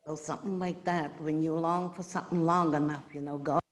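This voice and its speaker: A woman's voice: deep voice, fairly even intonation, fairly quick, big-room sound. Older woman, heartfelt rambling storyteller. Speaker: gift recipient sharing a story. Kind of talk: casual storytelling. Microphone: video call audio.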